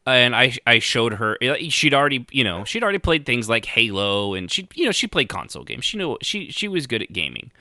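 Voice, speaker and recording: A man's voice: mid-range voice, sing-song, brisk, few pauses, bright, forceful tone, no echo, studio quality. A man co-hosting a podcast, chatting casually with sarcastic jokes and rambling restarts. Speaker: podcast co-host.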